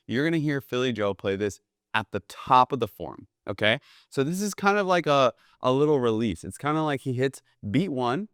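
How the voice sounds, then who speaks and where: A man runs a jazz drum lesson in a smooth, resonant voice, recorded close and dry. He talks casually and eagerly, tossing in "right?" between examples, with a drum kit played in the pauses. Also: medium pitch, dry recording. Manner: casual, enthusiastic, keeps asking "right?". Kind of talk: instructional video lesson. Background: drum kit played between phrases.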